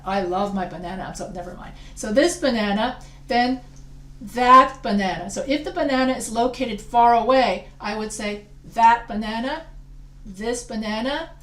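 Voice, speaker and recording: Upbeat female teacher, higher voice, jokey and chatty, recorded in an echoey classroom. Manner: playful, chatty teacher asking the class questions. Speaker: writing instructor. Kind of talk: classroom grammar lecture.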